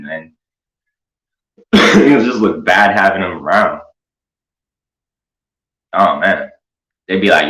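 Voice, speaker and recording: A man's voice: sits low, expressive, moderate pace, fairly bright tone. A man hosting a commentary show, rambling through a crude, mocking, profane rant. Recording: echoey room.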